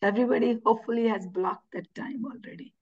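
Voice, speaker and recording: A woman's voice: fairly high pitch, fast, breathy edge, no echo, dull audio. A woman in an online class over a video call who has lost her voice and slips into a whisper. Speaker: class participant.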